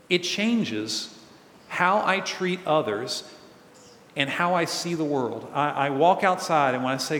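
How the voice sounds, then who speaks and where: In a large church hall with long, echoing reverb, a male pastor preaches a sermon in an earnest, conversational way, putting questions to his congregation. His voice is a little high and expressive, moving at normal speed with a fairly bright tone, over a faint hiss or hum.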